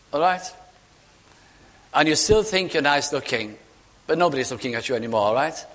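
An older man with a Welsh accent preaching a sermon with fervour, dropping from ringing declarations to hushed asides. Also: fairly high pitch. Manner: fervent, swings between loud ringing lines and hushed asides. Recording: long hall reverb.

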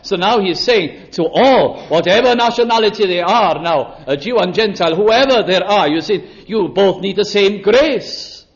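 A man with a high voice preaches a sermon in a chapel. He is deliberate and draws out key phrases for stress. The recording is muffled and lo-fi. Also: lively intonation.

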